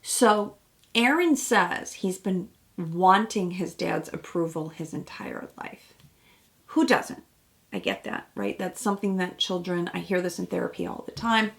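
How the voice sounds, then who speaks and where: A woman therapist talks through a reality show episode in a relaxed, chatty way. Her voice has a gravelly, fry-edged texture. She slips into acted-out quotes of the people on screen. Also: lowish voice, unhurried. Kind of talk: casual commentary on a TV episode.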